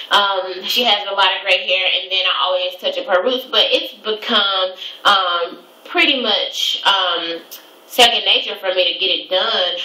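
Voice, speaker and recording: A woman's voice: medium pitch, sharp tone. A young woman and hairstyling student ranting casually, swearing a lot, exasperated and rambling. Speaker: vlogger. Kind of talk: casual rant. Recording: echoey room, distant mic.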